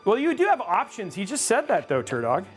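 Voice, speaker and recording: An excitable man hosts a live PC-building stream and reads viewer chat aloud in a high, animated voice. He chats casually and breaks into loud mock-rage outbursts. Faint music plays underneath him. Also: fairly quick. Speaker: livestream host building a gaming PC.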